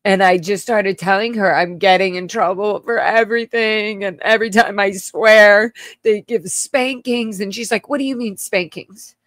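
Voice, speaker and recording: A woman hosting a livestream, telling her own childhood story in a halting, emotional way with blunt swearing and many restarts. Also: medium pitch, fairly even intonation, fairly bright tone, dry recording, studio quality. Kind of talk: casual personal storytelling.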